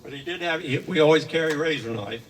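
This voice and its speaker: A man's voice: fairly high pitch, quick pace, a little hiss or hum. An older man rambling through a folksy spoken story with homespun asides, heard from far off in an echoey hall. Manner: rambling, homespun, with many fillers.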